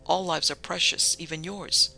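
Man reading proud english gentleman doctor, audiobook, formal, indignant, slightly high voice. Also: fairly even intonation, moderate pace, vocal fry, soft background music, heavily acted. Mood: firm. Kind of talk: audiobook narration.

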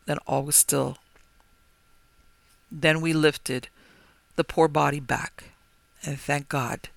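A man narrating a gothic horror story in a measured, grave manner. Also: fairly high pitch, flat delivery, creaky, no echo. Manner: measured, grave, rising to forceful cries. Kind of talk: dramatic gothic story reading.

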